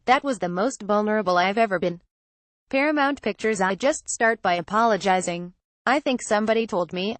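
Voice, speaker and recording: A woman narrates a news roundup at a middle pitch, reading quotes aloud. Her delivery is even and matter-of-fact. The recording is dry, with no room sound around her. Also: no echo.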